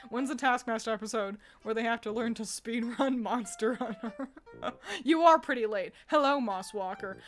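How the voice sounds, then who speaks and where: Young American woman, casual stream chat, slightly high voice, giggly and rambling, faint music behind. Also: a bit bright. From United States. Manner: giggly, rambling, frequent laughter and restarts.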